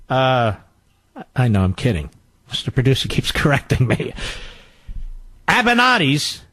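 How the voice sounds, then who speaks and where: A man hosting a political talk radio show, mocking and combative in tone. His pitch leaps and dips constantly for emphasis, and he sits somewhat higher than most men. The studio sound is close and dry. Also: fairly bright tone, dry recording.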